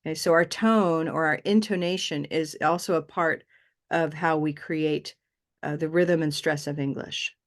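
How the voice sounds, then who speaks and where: Patient woman teaching pronunciation, low voice. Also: steady tone, unhurried. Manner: patient, explains step by step. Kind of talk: online class explanation.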